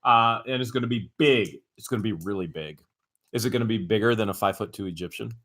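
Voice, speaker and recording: A man's voice: lowish voice, fast, fairly bright tone. A man co-hosting a casual livestream, upbeat and playful as he hypes an announcement. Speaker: co-host of a livestream. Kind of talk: casual live-stream chat.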